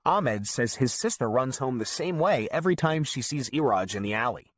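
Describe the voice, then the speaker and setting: Lively male audiobook narrator. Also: medium pitch, normal speed, dry recording, clean studio sound. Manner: lively, storytelling. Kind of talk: scripted narration.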